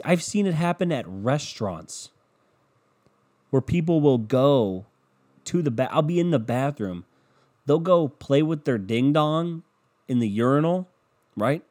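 A man's voice: mid-range voice, lively intonation, a little slow, pauses often, a little mellow. A comedian with phlegm in his throat, ranting in a profane, rambling way and talking straight to his listeners. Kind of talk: casual comedic rant to the audience.

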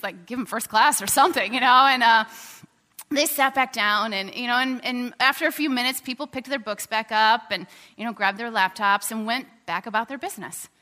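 A woman preaching a sermon in a chatty, storytelling way with lots of fillers, in a large hall. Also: on the high side. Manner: conversational, animated, many fillers. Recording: long hall reverb.

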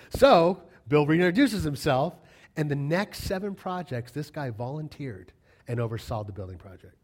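Middle-aged male pastor, high voice, very lively delivery, emphatic repeating sermon style. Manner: animated, storytelling with emphatic repetition.

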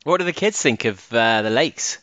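Male co-host, bouncy pitch, dry close mic, chatty and giggly. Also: animated, normal speed, a bit bright, dry recording. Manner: chatty, laughs often, swings between high and low. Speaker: podcast co-host. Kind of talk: casual chat.

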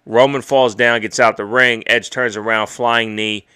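A man hosting a podcast, recapping a wrestling show in casual, excited, profane chat. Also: medium pitch, moderate pace, clear, resonant tone. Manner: excited, profane, recounts and quotes matches. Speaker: podcast host. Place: home streaming setup.

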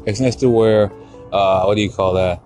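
A man's voice: fairly low pitch, fairly even intonation, normal speed, a little mellow, faint music behind. A man hosting a podcast, ranting through a heated, profanity-laden story. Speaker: podcast host. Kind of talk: casual podcast rant.

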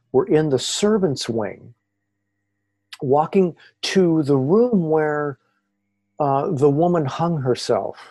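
Male interview guest who tells stories with animation; mellow tone with some breathiness. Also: a little high. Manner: excited, lively retelling. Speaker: podcast guest. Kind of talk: animated storytelling.

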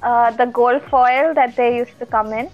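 A woman's voice: fairly high pitch, fairly even intonation, unhurried, muffled recording, faint music behind. A woman guesting on a podcast, chatting casually with a playful, sarcastic streak. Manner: playful, sarcastic, laughs often. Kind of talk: casual chat.

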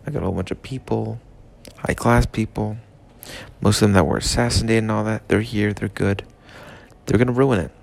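A man's voice: fairly low pitch, steady tone, brisk, creaky. A man, intoxicated, delivering a rambling, profane comedic rant in a mock-serious tone.

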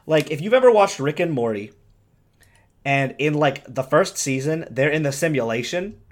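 A man's voice: on the high side, animated, normal speed. A young man in casual chat, rambling with lots of fillers and swearing.

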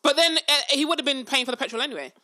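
A woman's voice: sits high, racing, pushed and bright. A young woman in casual chat, giving firm opinions and often asking if she's understood. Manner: opinionated, keeps asking "do you know what I mean".

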